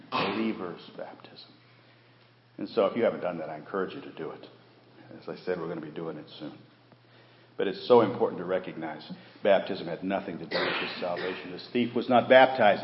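A pastor preaching a sermon, rising to loud emphasis and asking the congregation rhetorical questions. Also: male voice, sits low, slight background noise. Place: church sanctuary. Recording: echoey hall, dull muffled sound.

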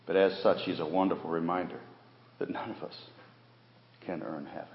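Low-voiced pastor preaching in an echoey hall. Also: male voice, fairly even intonation, moderate pace, gravelly, pauses often. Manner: preaching with swelling emphasis and rhetorical questions. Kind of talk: sermon. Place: church sanctuary. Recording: echoey hall, dull muffled sound.

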